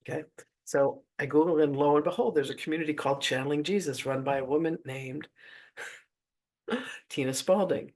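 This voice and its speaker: A man's voice: on the high side, normal speed, pauses often, a little mellow. A man telling a personal spiritual story in a casual, chatty way, full of "like" asides. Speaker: spiritual teacher.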